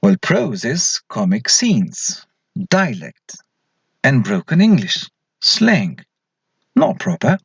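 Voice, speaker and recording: A man's voice: medium pitch, huge pitch swings, slow, gravelly, long pauses, husky, no room sound. A man giving a recorded slide lecture as an English lecturer, posing questions to students and then answering them himself.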